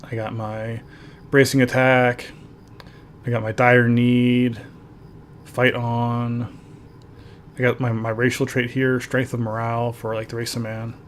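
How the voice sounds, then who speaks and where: While streaming a game, a man with a medium-pitched, fairly flat voice chats casually, speaking unhurriedly with long pauses over slight background noise. He reads viewer messages aloud, laughs often and uses lots of filler words.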